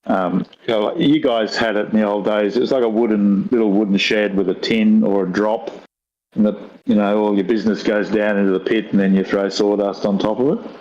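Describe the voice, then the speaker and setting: A man's voice: lowish voice, a little fast. An older Australian man with a broad Australian accent, telling stories in a casual chat and slipping into other voices as he goes. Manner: animated storyteller, mimics voices. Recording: dull lo-fi sound.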